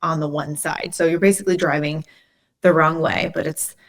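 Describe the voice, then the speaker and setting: The podcast host from Indiana has a deep voice and a steady tone, speaking at a moderate pace. Her storytelling is loose and conversational, with "like" cropping up constantly.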